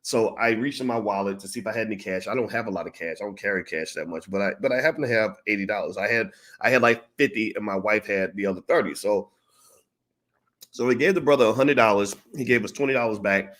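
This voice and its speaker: Guy rattling off a story real quick, swears a lot, acts out the quotes. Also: fairly low pitch. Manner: profane, animated, acts out quotes. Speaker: channel host. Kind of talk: casual storytelling to camera.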